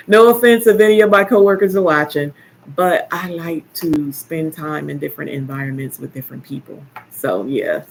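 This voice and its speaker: An older woman hosting a casual live stream, chatting and telling animated stories with playful teasing. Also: sits low, normal speed, vocal fry, a little hiss or hum. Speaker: live stream host, caregiver. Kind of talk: casual chat.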